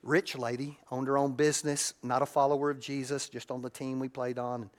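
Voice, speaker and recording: A middle-aged man, preaching a sermon and telling a raw, emotional personal story that swings between loud and hushed. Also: mid-range voice, flat delivery, fairly quick. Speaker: pastor.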